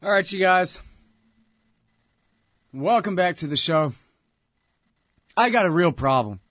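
A man hosting his own show, ranting in an exasperated, opinionated way, with loud outbursts that drop to mutters. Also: high-pitched, animated, slow, dry recording, studio quality. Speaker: show host. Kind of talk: opinionated political commentary.

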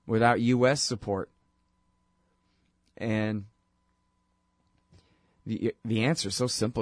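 A man's voice: mid-range voice, dry recording, studio quality. A man hosting a political talk show, talking casually and rambling, and he mocks voices when he quotes people. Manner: rambling and conversational, mocking voices when quoting.

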